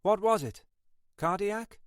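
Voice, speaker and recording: Guy doing a blunt woman detective sergeant, wry, high pitched put-on voice. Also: expressive, takes it slowly, smooth, no echo, studio quality.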